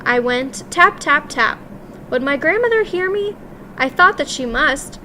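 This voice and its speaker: Bright-voiced woman reading a story aloud. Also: high-pitched, unhurried, slight background noise. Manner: lively, expressive first-person telling. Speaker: audiobook reader. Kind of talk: storybook narration.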